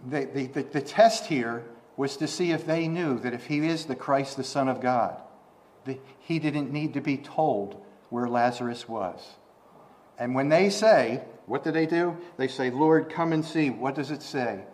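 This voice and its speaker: A man preaching a conversational sermon, asking rhetorical questions and restarting often, rising in pitch and volume when he quotes scripture. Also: measured pace, a little mellow.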